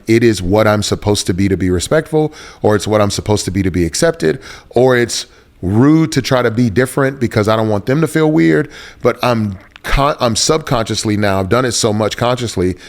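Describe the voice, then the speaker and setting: An earnest man with a lowish voice tells a personal story as an interview guest. He searches for words and circles back to repeat phrases for emphasis. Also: lively intonation, moderate pace. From Houston, Texas.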